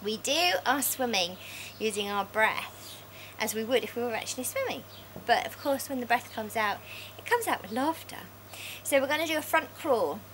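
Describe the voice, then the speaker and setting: A woman's voice: on the high side, expressive, moderate pace, fairly bright tone, slight background noise. A woman leading a laughter yoga session, playful and encouraging, laughing often between her cues. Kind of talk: guided laughter exercise session.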